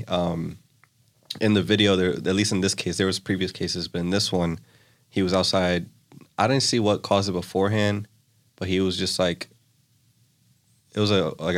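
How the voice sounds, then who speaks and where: A young man with a very deep voice tells a story in relaxed everyday chat. He rambles and circles back, leaning on filler words as he goes. The tone stays casual and conversational throughout.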